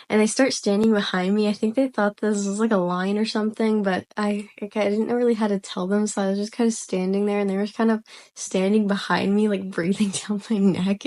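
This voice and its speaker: A soft-spoken young woman casually telling a personal story, rambling and hesitant with lots of fillers. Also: mid-range voice. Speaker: vlogger.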